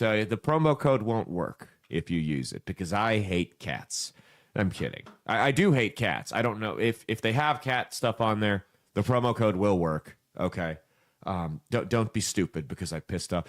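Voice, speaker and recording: A man in his thirties hosting a casual podcast, a brash storyteller with crude jokes and sudden swings in loudness. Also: lowish voice. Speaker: podcast host.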